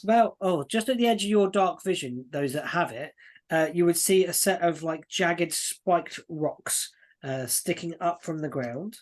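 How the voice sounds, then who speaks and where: A man narrating a tabletop game as dungeon master, halting and often restarting his words. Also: a little high, animated.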